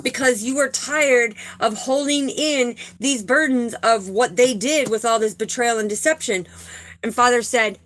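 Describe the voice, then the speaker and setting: A middle-aged woman with a slightly high voice leads a live spiritual card reading. She speaks emphatically, repeating her key phrases in a preacher-like rhythm. She keeps checking in with her listeners as she goes. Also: measured pace, a bit bright. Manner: emphatic, repeats phrases, preacher-like cadence with "okay?" and "right?" tags. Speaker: spiritual tarot reader.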